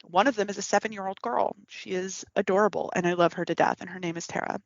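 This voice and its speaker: A woman co-hosting a podcast, telling a story in an animated, affectionate way. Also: mid-range voice, quick pace, no room sound. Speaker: podcast co-host. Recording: dull lo-fi, dry sound.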